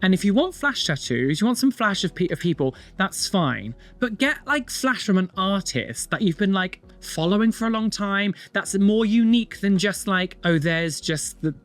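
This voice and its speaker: Chatty man with a lively voice. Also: sits high. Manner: chatty, opinionated, self-mocking, quick to laugh. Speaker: host reacting to tattoo videos. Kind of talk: casual reaction commentary.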